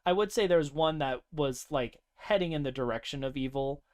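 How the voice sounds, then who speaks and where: A young man co-hosting a podcast, casually recounting a tabletop game session with lively laughter. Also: moderate pace. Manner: animated, laughing often, breaks into high-pitched character voices. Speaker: podcast co-host.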